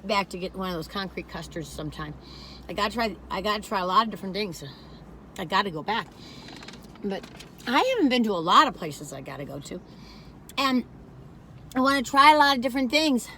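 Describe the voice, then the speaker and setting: Woman vlogger, from the northern US, fairly high and very lively voice, emphatic and rambling. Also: slight background noise. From northern United States. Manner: emphatic, chatty, rambling with laughs. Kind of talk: casual food review chat.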